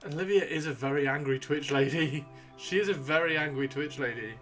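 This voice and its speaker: Bright, playful man streaming. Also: on the high side, a little fast, faint music behind. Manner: rambling, playful, sing-song teasing. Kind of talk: casual live-stream chat while painting miniatures.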